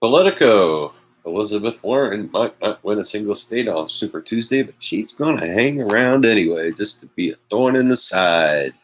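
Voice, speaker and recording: A man's voice: fairly low pitch, expressive, moderate pace, low-quality recording. A man hosting a casual solo chat show from home, rambling and wry with self-mocking asides. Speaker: host.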